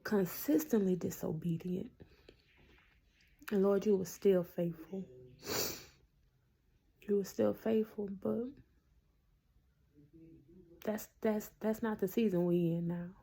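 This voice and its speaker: A woman's voice: mid-range voice, steady tone, takes it slowly, vocal fry, pauses often, dark tone. A woman in a casual, earnest faith talk to camera, preaching to her viewers with lots of fillers. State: tearful at times. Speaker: Christian vlogger.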